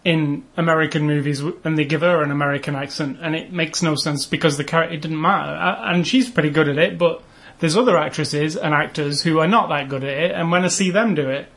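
A man's voice: on the high side, quick pace, fairly bright tone. An English man co-hosting a casual movie podcast with his wife, easygoing and chatty, often trailing off mid-sentence. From England. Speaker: podcast co-host. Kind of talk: casual chat.

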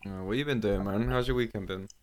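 A man's voice: fairly low pitch, fast. A young man in casual chat, teasing his co-host with short replies.

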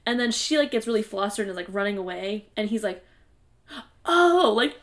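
A woman's voice: medium pitch, fairly even intonation, fast talker. A woman co-hosting a podcast, recapping chapters in a casual, conversational way with dry, playful sarcasm. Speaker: podcast co-host. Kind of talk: casual book discussion podcast.

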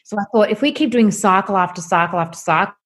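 A woman's voice: mid-range voice, fast, husky. Woman telling her story animatedly. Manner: animated, acts out quoted dialogue. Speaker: guest sharing her story. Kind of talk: candid personal storytelling.

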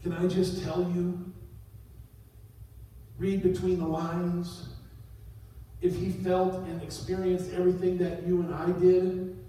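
A middle-aged man preaching a sermon as a pastor, dropping low and then rising to sudden shouted peaks. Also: monotone, slow, long pauses, slight background noise. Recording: echoey hall, voice from far off.

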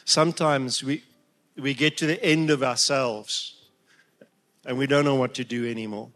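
A man preaching a heartfelt sermon, emotional at times, with halting restarts and rising emphatic peaks. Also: medium pitch, steady tone, fairly bright tone.

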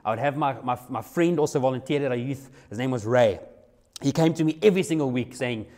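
A man's voice: mid-range voice, fast talker, darkish tone. A young adult man, a youth pastor telling a personal story in a sermon, conversational and repeating phrases for emphasis.

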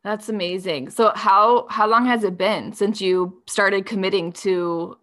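A woman with a mid-pitched voice hosts a podcast conversation. She asks reflective questions and affirms her guest. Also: steady tone, unhurried, a bit bright. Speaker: podcast host. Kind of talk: conversational interview.

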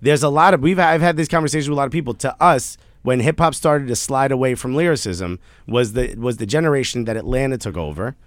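A man's voice: mid-range voice, expressive, fast talker, hardly any pauses, no echo. Male podcast host, easygoing and argumentative, laughs a lot, dry close sound. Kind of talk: casual debate.

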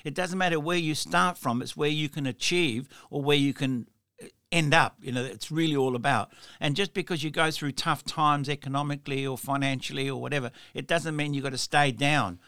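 A man hosts a podcast interview in a loose, rambling way, often restarting his sentences. His voice is bright and sits a little high for a man. The sound is dry and close, with no room around it. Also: steady tone, fairly quick, clear, resonant tone, dry recording. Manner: rambling, with many restarts and fillers. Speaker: podcast host. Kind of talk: interview chat.

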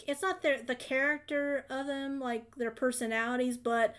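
A woman's voice: high-pitched, fairly even intonation, normal speed. Chatty woman rambling about a film. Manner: rambling, many fillers and restarts. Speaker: film reviewer. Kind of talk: casual chat.

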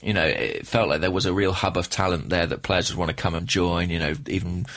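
A man's voice: sits low, brisk, a bit bright. A British man co-hosting a football podcast, chatting thoughtfully with dry, understated humour. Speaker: podcast co-host. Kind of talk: casual chat.

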